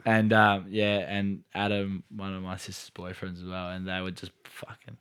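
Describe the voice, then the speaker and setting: A man's voice: sits low, completely flat delivery, normal speed, fairly bright tone, smooth. A young man with an Australian accent, co-hosting a casual podcast and rambling through a story, full of filler words and swearing. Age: young adult. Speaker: podcast co-host. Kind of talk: casual chat.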